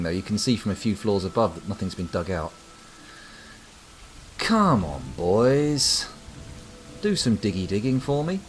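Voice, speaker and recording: A man from the UK streams a game with faint background music, giving wry, rambling commentary and talking to his chat. He has a mid-range voice that is a little mellow.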